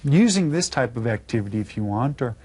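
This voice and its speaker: A man's voice: medium pitch, big pitch swings, fairly quick, darkish tone, slightly rough. A man teaching a video Spanish lesson to children, patiently spelling words out letter by letter.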